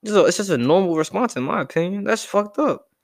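A young man ranting casually to camera, animated and profane as he reacts to a list. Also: sits high, brisk, gravelly. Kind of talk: casual rant.

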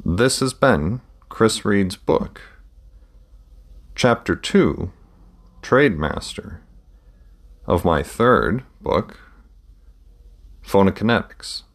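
A man narrating his own book as a podcast in a calm, steady, plain reading voice. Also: on the low side, extremely slow, long pauses. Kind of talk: audiobook narration.

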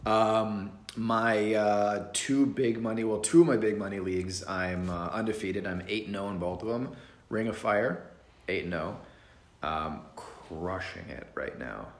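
A man's voice: on the low side, unhurried, roomy sound. A man co-hosting a podcast in casual chat, laid-back and joking, with plenty of ums and uhs. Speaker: podcast co-host.

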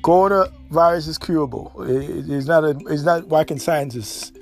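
Man, podcast host, slightly high voice, opinionated monologue, lots of ums and restarts, faint music behind. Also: normal speed. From United States. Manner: opinionated, repetitive, many fillers and restarts.

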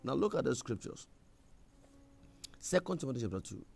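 A man preaching a sermon, emphatic, with a gravelly voice. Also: mid-range voice, very animated, normal speed, faint music behind. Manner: emphatic, rising to loud scripture reading.

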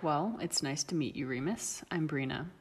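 A woman's voice: sits low, breathy edge. A woman voicing a blunt werewolf pack leader. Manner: blunt, measured. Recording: long reverb.

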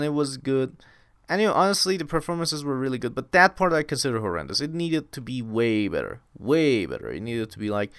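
A man's voice: medium pitch, a bit bright, clear, resonant tone, no room sound, clean studio sound. A young man hosting a casual solo podcast, talking with enthusiasm and rambling, repeating words for emphasis. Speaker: podcast host.

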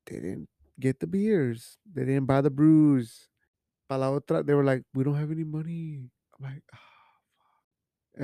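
A man's voice: on the high side, creaky, dark tone, no echo, studio quality. A young man hosting a casual podcast, talking in a loose, rambling way with lots of swearing and bits of Spanish. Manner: loose, profane, rambling, drops Spanish phrases. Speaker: podcast host.

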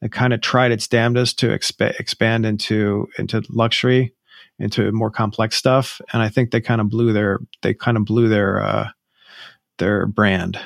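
A man's voice: lowish voice, flat delivery, gravelly, dry recording, studio quality. A man co-hosting a podcast in casual chat, rambling with frequent restarts. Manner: rambling, restarts often, drawn-out phrases. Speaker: podcast co-host.

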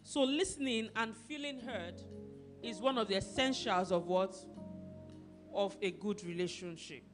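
Animated woman pastor preaching over music. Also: mid-range voice, measured pace. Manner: animated, acts out quarrels and asks the congregation questions. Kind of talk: sermon.

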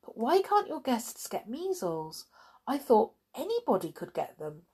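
A woman voicing a small, tearful little girl who is gentle and eager. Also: on the high side, huge pitch swings, unhurried, slightly rough, voice pushed up, exaggerated voice. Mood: wondering.

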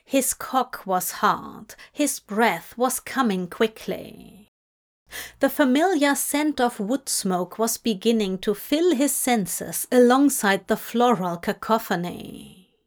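A woman giving a steady, measured narration of a fan-fiction story. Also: fairly high pitch. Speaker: audiobook reader.

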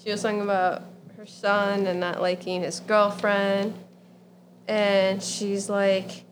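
A woman's voice: medium pitch, flat delivery, slow, a little hiss or hum. A woman co-hosting a casual podcast, recounting a story between laughs. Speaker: podcast co-host.

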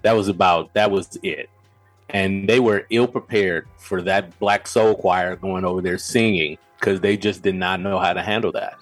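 A man's voice: low-pitched, steady tone, normal speed, dry recording, faint music behind. A man, a military veteran back in school, co-hosting a casual podcast chat, often stumbling and repeating words as he starts a thought. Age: adult, veteran back in school. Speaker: podcast co-host.

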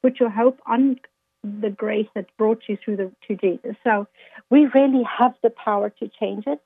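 A woman's voice: fairly high pitch, normal speed, vocal fry, slightly rough. An earnest woman guest gives motivational, scripture-quoting answers in a faith-based interview. Her voice comes through a tinny, phone-like line from a remote call. The sound is dry, with no room echo. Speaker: guest speaker.

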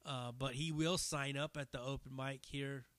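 Man, stand-up comic, podcast host, casual rambling anecdote, profane, lots of fillers, bright tone, dry close sound. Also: medium pitch, steady tone, normal speed, no room sound. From Northern California. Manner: loose, profane, digressive, with many fillers and restarts.

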